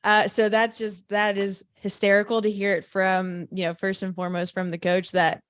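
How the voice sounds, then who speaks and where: A woman's voice: medium pitch, little pitch movement, normal speed, fairly bright tone, no echo. Woman, podcast co-host, teasing tone, dry close recording. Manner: amused, teasing. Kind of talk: casual podcast chat.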